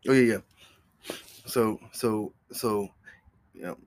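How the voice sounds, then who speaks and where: Rambling, profane man, lowish voice. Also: fairly even intonation, slow pace, no echo. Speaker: podcast host. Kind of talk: casual solo storytelling.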